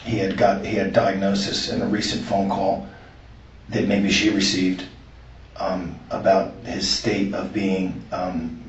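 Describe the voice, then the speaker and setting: A man being interviewed, giving an earnest, halting account of a conversation he recorded. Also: sits low, slight background noise. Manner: earnest, halting retelling with restarts. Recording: echoey room, far from the mic, muffled.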